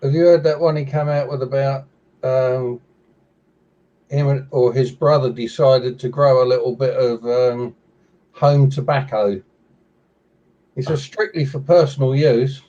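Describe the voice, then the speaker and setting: A man spins tall tales in a casual chat, delivering dry jokes. His voice is mellow and warm. The recording sounds muffled. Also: medium pitch, fairly even intonation, measured pace, pauses often, far from the mic. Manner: dry joke-telling storyteller.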